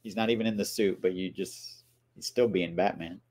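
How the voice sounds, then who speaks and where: A man's voice: sits low, fairly even intonation, normal speed, darkish tone. A man hosting a movie watchalong, casually commenting on scenes, laughing often and playfully quoting the characters.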